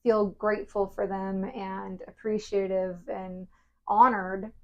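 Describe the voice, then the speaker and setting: A woman hosting a casual podcast chat, an animated storyteller who laughs often. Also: medium pitch, slow pace, lo-fi sound. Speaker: esthetician podcast host. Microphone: podcast mic.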